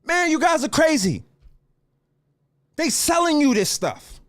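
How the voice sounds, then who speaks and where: A man delivers a heated, profanity-laced solo rant to his listeners. His voice sits very high and leaps up and down as he lectures. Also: very animated, unhurried, a bit bright. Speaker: podcast host.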